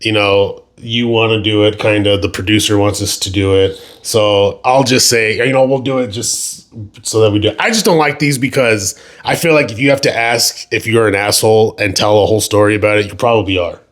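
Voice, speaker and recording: Low-voiced young man telling stories. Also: brisk. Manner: animated storytelling, swearing, gets loud when indignant. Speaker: podcast co-host. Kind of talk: casual chat.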